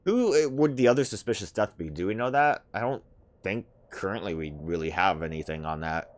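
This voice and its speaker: A man with a deep, expressive voice hosts a let's play at a fairly quick pace. He chats casually and thinks aloud, reading the game's dialogue with plenty of "like" fillers.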